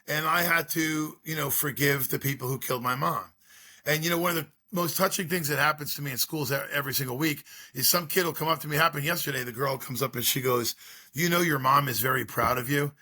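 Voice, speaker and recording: In an interview, a middle-aged man who gives drug-prevention talks at schools tells his story, asking earnest, repetitive rhetorical questions. His medium-pitched voice has a bright, forceful tone.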